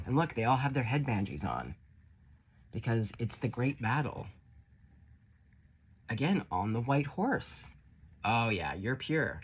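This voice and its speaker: A man's voice: mid-range voice, slight background noise. A man giving a casual tarot reading, blunt and profane, playful and encouraging as he talks the listener through the cards. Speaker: tarot reader.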